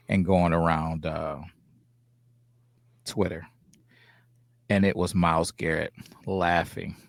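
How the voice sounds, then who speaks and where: A man co-hosting a casual sports podcast, giving football picks in a measured, halting way with many fillers. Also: low-pitched, creaky, no room sound, clean studio sound. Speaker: co-host.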